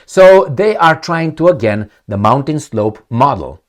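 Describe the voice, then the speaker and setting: A man's voice: medium pitch, big pitch swings, a little slow. A man gives solo commentary on news articles, reading them aloud and ranting sarcastically with profanity while talking straight to his viewers. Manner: profane, addresses viewers directly. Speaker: political commentator.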